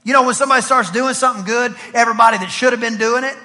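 A man's voice: extremely high pitch, steady tone, rapid-fire, bright, forceful tone, big-room sound. A man, a pastor, preaching a sermon in a rhythmic style with repetition and acted-out stories. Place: church sanctuary.

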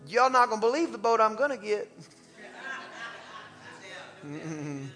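A man preaching an animated, exclamatory sermon as pastor of a church. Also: extremely high pitch, fast talker, in a large hall, music in the background.

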